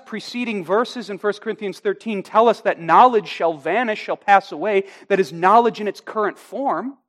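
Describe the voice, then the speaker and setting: A man with a high voice delivers a sermon as a pastor. He speaks deliberately and with emphasis, stretching out key phrases to drive his point home. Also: a bit bright.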